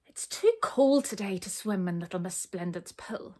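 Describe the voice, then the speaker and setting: A woman's voice: medium pitch, expressive, moderate pace, lightly acted. Woman doing a chirpy little storybook tickler. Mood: cheerful. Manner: timid at first, then bright and coaxing. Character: small cheerful male tickler with long arms.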